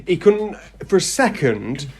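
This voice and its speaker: A man's voice: high voice, big pitch swings, measured pace, darkish tone, slightly rough. A young man co-hosting a podcast, chatting and joking in casual banter. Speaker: podcast co-host. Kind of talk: casual chat.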